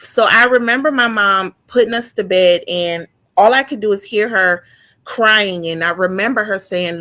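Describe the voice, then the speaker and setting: A woman in her forties telling a painful personal story, halting and emotional, with frequent restarts and repeated words. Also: mid-range voice, pushed and bright. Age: 40s. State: emotional, close to tears. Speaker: guest sharing her story.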